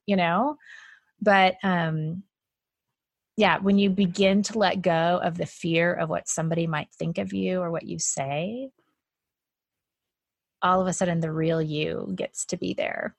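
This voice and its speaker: A woman's voice: on the low side, moderate pace, vocal fry, no room sound, clean studio sound. A woman talking as a podcast guest in a casual, chatty conversation, with lots of "like" fillers and frequent laughs.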